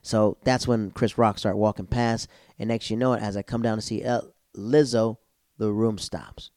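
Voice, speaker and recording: A stand-up comedian telling a casual comic story, animated and jumping into loud, high-pitched voices when he quotes people. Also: moderate pace, no room sound, studio quality.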